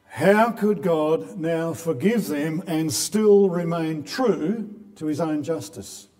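Man, sermon delivery, earnest, mellow tone, echoing church hall. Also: fairly high pitch, takes it slowly, faint music behind. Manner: earnest, repeats words when building a point. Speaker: preacher. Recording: long hall reverb.

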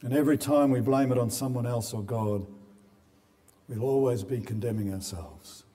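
A man's voice: medium pitch, normal speed, warm tone. A man preaching a sermon in an earnest way, often repeating words as he builds a point. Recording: long hall reverb.

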